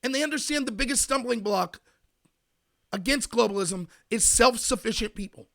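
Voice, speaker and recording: High, bright-voiced American man ranting. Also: moderate pace, creaky. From United States. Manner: ranting, emphatic, talks to chat. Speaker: podcast host. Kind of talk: political commentary monologue.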